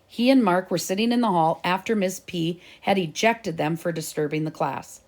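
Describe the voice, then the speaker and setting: A woman narrating a children's chapter book aloud at an even, unhurried pace. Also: on the low side. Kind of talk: storybook reading.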